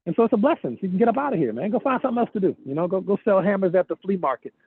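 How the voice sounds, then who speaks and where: A man's voice: high-pitched, sing-song, very fast, slightly rough, no echo. Preachy man on a tinny phone line. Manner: preachy, repeats phrases for emphasis. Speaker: network marketing team leader. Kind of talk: motivational leadership training call. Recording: phone-line call audio, dry.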